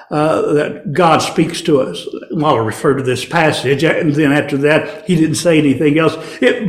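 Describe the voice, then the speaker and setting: A man delivers a sermon in a fairly high voice, pushing his pitch up whenever he quotes scripture. The sound is roomy and echoing. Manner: emphatic, rising on scripture quotes. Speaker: preacher.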